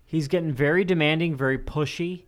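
A man co-hosting a podcast in casual chat, blunt and quick to steer the talk along. His voice sits a little high for a man. He swears and gets heated at times. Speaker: podcast co-host. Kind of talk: casual chat recapping a reality show.

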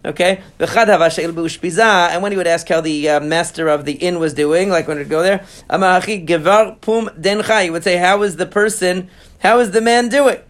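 In a relaxed study session, a male Talmud teacher reads Aramaic passages aloud, then translates and explains them haltingly, full of fillers and restarts. His voice is high with a fairly bright tone.

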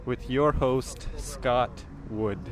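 A man's voice: medium pitch, extremely slow, loud music behind the voice. A man in a band, talking offhand and joking in a casual interview outside on a street. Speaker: band member. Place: outdoors on a city street outside a club. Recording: crowd chatter around the mic.

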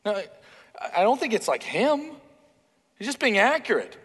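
A man preaching a sermon in a church hall, animated and emphatic, acting out bits of dialogue. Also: high voice, normal speed, breathy edge. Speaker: pastor.

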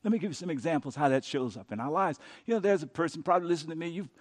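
A man preaching a sermon as pastor, telling a story with dramatic rises and hushed repeated words. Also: on the high side, animated, racing. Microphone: podcast recording of a sermon.

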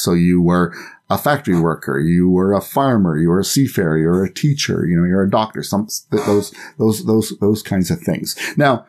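A man guesting on a podcast, telling a history story in a rambling, lively, casual way. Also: deep voice.

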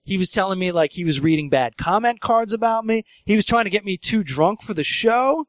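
A comedian hosting a podcast, telling road stories in casual chat, acting out voices, laughing often and swearing freely. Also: male voice, high voice, lively intonation, a little fast, dry recording. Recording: dry close mic.

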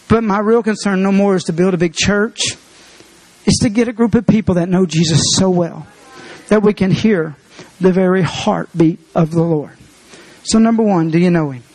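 High-voiced earnest preacher. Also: male voice, darkish tone. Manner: earnest, conversational preaching with sudden slow emphatic phrases. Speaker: pastor. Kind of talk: sermon.

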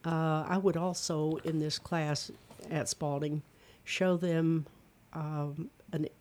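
A woman's voice: low voice, slow pace. Older Eastern Kentucky woman storyteller. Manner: animated storyteller, demonstrates voices. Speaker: guest, retired speech and theater teacher. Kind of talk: casual interview chat.

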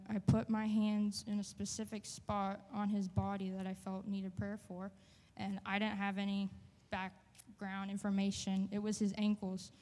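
A woman's voice: mid-range voice, warm tone, in a large hall. Earnest woman giving church testimony. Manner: earnest, halting with many fillers. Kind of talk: personal testimony.

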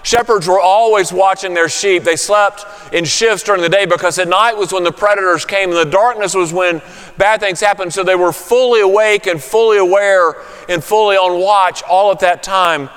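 High-voiced pastor preaching in a hall. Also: male voice, normal speed, clear, resonant tone. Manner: storytelling, drops to a hushed soothing voice for comfort. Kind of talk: sermon.

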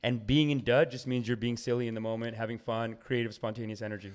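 A man talking as a podcast guest in casual chat, rapid and animated, often calling the host "dude". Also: medium pitch.

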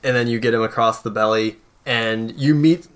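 A man narrating as game master in a tabletop game, in a relaxed, halting way. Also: mid-range voice, smooth. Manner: relaxed, hesitant narration with fillers.

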